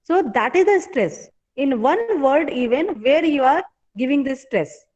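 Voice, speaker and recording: A woman with an Indian English accent teaching an online class as a professor, speaking haltingly with many fillers and repeated phrases. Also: high-pitched, animated, darkish tone. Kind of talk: live online lecture. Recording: dull lo-fi online class audio.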